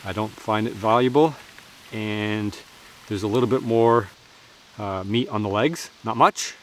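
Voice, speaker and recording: A man's voice: lowish voice, unhurried. Chatty man cooking at a forest camp. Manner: laughs often, jokey and chatty. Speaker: outdoor cooking vlogger. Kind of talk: casual outdoor chat.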